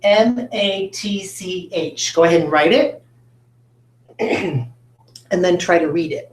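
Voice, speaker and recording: A woman teacher leads a phonics lesson at a whiteboard, asking students questions in an encouraging, patient way. Her voice sits a little low. The recording carries the echo of a roomy classroom. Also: slow.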